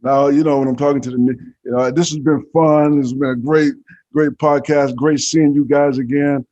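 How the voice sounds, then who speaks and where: A man's voice: a little high, normal speed, dry recording, dull audio. A middle-aged man, a football coach, chatting easily as an interview guest over a remote connection. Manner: relaxed, easygoing, short answers. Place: beach vacation, remote call.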